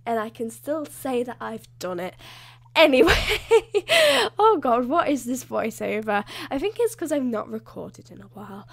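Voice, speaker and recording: A young woman rambling through a casual game voiceover, self-mocking and laughing often, her voice a little hoarse. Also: on the high side, big pitch swings, unhurried. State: voice slightly hoarse. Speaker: gaming YouTuber.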